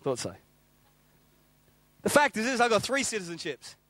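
A middle-aged man from England, raised in Australia, preaching a sermon in an animated storytelling way and repeating phrases for emphasis. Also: high-pitched, normal speed, no echo.

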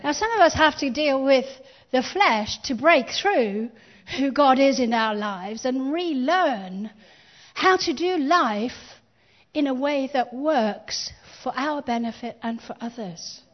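A woman's voice: high voice, expressive, slow pace, dull audio. A woman pastor preaching a sermon, building emphasis with repeated phrases and calling on the congregation to respond.

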